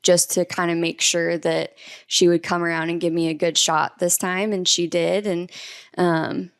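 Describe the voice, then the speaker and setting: A woman who is a guest, telling her hunting story in a casual, hesitant way with many pauses. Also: on the low side, little pitch movement, no room sound, clean studio sound. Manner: hesitant, with frequent "um". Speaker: guest, hunter's wife.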